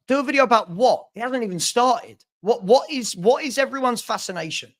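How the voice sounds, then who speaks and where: A man's voice: very high-pitched, a little fast, a bit bright. A man hosting a casual football live stream, talking in exasperated bursts with many stumbles and repeated phrases. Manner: exasperated, repetitive, stumbling restarts. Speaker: football channel host.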